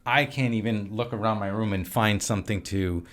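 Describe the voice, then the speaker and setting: A man's voice: on the low side, normal speed, a bit bright. A man in his late forties from Wisconsin, a guest telling rambling anecdotes in casual conversation. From Wisconsin, USA. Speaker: podcast guest, filmmaker and actor. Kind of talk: casual storytelling.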